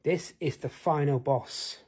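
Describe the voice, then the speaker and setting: A man's voice: fairly high pitch, takes it slowly, darkish tone, breathy edge. A man telling an improvised fantasy tale in a rambling way, asking the listener questions. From United Kingdom. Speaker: storyteller.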